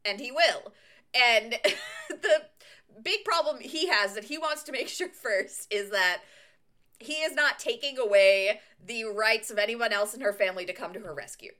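A woman's voice: fairly high pitch, moderate pace, pushed and bright. A woman co-hosting a book podcast, chatting casually, laughing often and recapping the plot at length. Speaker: podcast co-host. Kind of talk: casual book-club chat.

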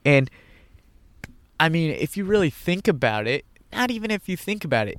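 A man's voice: fairly high pitch, big pitch swings, normal speed, fairly bright tone, no room sound. Earnest man telling a personal story. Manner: earnest, emphatic repetition. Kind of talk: personal monologue.

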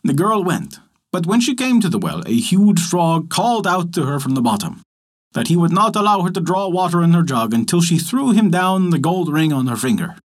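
Casting: male storyteller, husky, lively pitch, steady folk-tale narration. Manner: measured storybook delivery.

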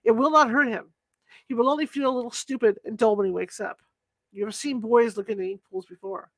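A woman voicing an excited, insistent male scholar in an audiobook reading, speaking urgently and earnestly. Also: fairly high pitch, fairly quick, no room sound.

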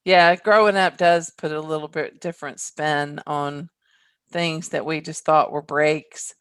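A woman interviewer asks slow, encouraging questions. Her voice is smooth and clear, and the close, dry recording has almost no room sound. She speaks at an unhurried pace. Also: deep voice, fairly even intonation, dry recording. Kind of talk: interview conversation.

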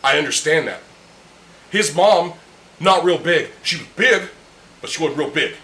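A man's voice: fairly high pitch, lively intonation, unhurried, bright, forceful tone. A man hosting a casual podcast chat, talking bluntly and heatedly with heavy swearing while sharing beers with friends in a room. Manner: blunt, heated, heavily profane. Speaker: podcast host. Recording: roomy echo, faint background hum.

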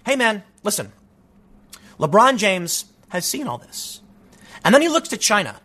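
A man's voice: high voice, sing-song, a little slow, sharp tone, husky. A man delivering a sarcastic, ranting opinion monologue as a commentary host.

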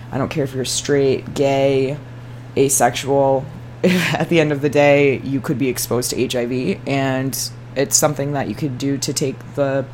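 Blunt low-voiced woman podcast host. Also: a little mellow, a little hiss or hum. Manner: blunt, crude, laughing, rapid asides. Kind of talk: frank casual chat.

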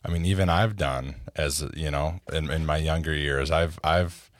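A man co-hosting a casual podcast, with a very low voice. He talks haltingly, restarting and repeating words, and pokes fun at himself. The recording is dry and close. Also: steady tone, no room sound. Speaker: podcast co-host. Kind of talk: casual chat.

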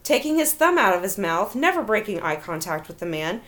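A woman's voice: medium pitch, big pitch swings, a little fast, a bit bright. A woman hosting a casual show, reading funny stories aloud and laughing often between them.

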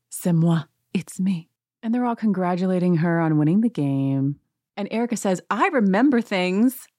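A woman's voice: sits low, warm tone, no room sound, clean studio sound. A woman host casually recapping a reality show, sarcastic and rambling. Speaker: podcast host.

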